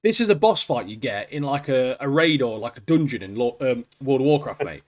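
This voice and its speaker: A man co-hosting a podcast in casual chat, excitable and dropping "mate" into nearly every sentence. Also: mid-range voice, brisk. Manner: excitable, says "mate" constantly, trails off quietly at phrase ends. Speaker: podcast co-host.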